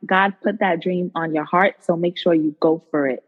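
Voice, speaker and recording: A woman nurse turned cook, a podcast guest telling her story in an animated, casual way. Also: on the low side, moderate pace, phone-quality sound. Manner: animated storyteller who acts out quotes. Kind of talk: casual interview talk.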